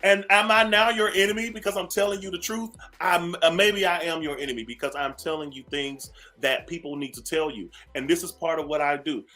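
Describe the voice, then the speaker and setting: Barely pausing, a man with a high, fairly bright voice speaks a little fast as he hosts a morning radio show. His talk radio rant is sassy and preachy, full of repeated phrases and with listeners addressed as "baby."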